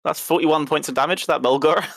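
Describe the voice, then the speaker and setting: A man's voice: fairly high pitch, fast talker, gravelly, fairly bright tone, no room sound. A man playing a tabletop game with a dry, wry delivery, who chuckles at his own moves. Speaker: player.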